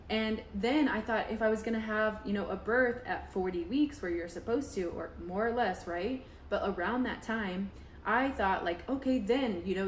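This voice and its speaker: A woman's voice: medium pitch, slight background noise. Candid woman telling her story, echoey room. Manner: raw and open, heavy on casual fillers. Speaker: podcast host.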